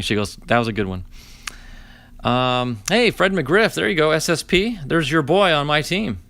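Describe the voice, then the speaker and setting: A man in his forties, hosting a live card-opening stream, chatty and animated, telling stories with dry sarcasm and greeting viewers. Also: medium pitch, no room sound. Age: 40s. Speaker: host opening card packs.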